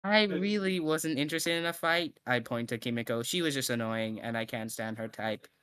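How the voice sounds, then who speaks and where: A man's voice: mid-range voice, normal speed, fairly bright tone, clean tone, no room sound. A man playing a tabletop role-playing game, speaking bluntly for his character. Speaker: player.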